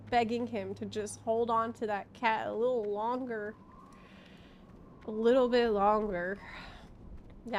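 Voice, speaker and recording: A woman's voice: a little high, slight background noise. A young adult woman streaming a game, chatting casually and musing aloud, easily delighted. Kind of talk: casual gaming stream chat.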